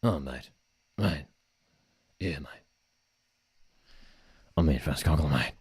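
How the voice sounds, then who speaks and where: Brief: man impersonating a laid-back older Australian football manager, low gruff drawl, repeats "mate". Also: no room sound, studio quality, exaggerated voice. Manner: slow, relaxed, repeats "mate".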